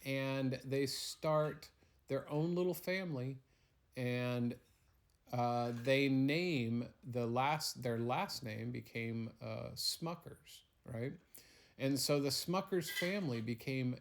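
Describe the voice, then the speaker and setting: A man's voice: medium pitch, takes it slowly, vocal fry. A man telling a playful, rambling improvised bedtime story at home.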